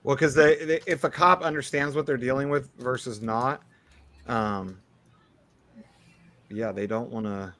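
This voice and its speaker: A man's voice: mid-range voice, measured pace, long pauses. A man in casual chat, telling a story with lots of swearing and acting out what people said. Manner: profane, animated, acts out quotes.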